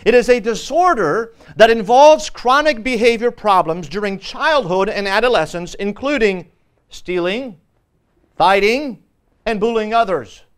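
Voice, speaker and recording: A man teaching a Sunday school lesson as pastor, earnest and emphatic, often pausing on fillers. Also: sits high, animated, smooth. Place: church.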